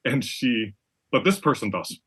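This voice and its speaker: A man's voice: mid-range voice, big pitch swings, measured pace, a bit bright, slightly rough. A man hosting a podcast, chatting casually and often checking in with his guest. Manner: conversational, keeps checking in with "right?". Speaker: podcast host. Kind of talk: casual interview chat.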